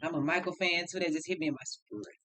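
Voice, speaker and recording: A woman's voice: lowish voice, rapid-fire, bright, forceful tone, no echo, rough recording. A woman giving a casual tarot reading, blunt and profane, upset and tearful. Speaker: tarot reader.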